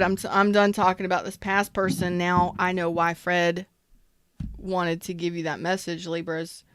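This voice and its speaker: A woman's voice: on the low side, level tone, slow, long pauses, slight background noise. A woman doing a casual tarot reading, talking straight to her viewers with emphatic repetition. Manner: emphatic, repeats herself, talks straight to viewers. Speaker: tarot reader.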